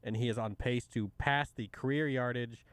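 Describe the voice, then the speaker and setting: A man's voice: mid-range voice, fairly even intonation, moderate pace, clean tone, no echo. A man working as producer on a sports talk radio show, sharing a stat in an easygoing way.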